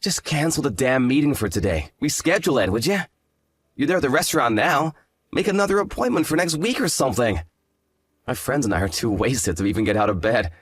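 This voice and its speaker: A man's voice: medium pitch, expressive, a little fast, slightly rough, dry recording, studio quality. An actor playing an arrogant, hungover young fiancé who talks down to his partner in a lazy, condescending drawl. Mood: dismissive. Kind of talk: dramatized story voice acting.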